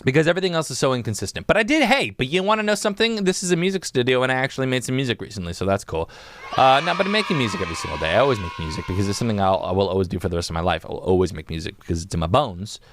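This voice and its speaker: A man's voice: on the low side, fairly bright tone, no echo. A young man hosting a casual solo podcast from his home music studio, rambling and joking, with "dude" in nearly every other line. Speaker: podcast host.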